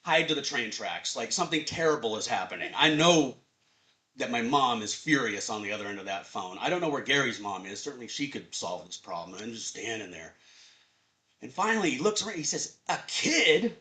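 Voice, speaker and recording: A man in his fifties telling a personal story at a live storytelling event, conversational and animated. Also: mid-range voice, fairly quick. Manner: animated, conversational, acts out voices.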